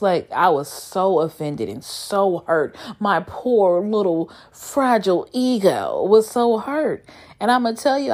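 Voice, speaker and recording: A woman in her thirties tells a rambling story with plenty of animation. Her voice sits slightly low, and she swears casually as she goes. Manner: animated, chatty, swears freely. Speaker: vlogger.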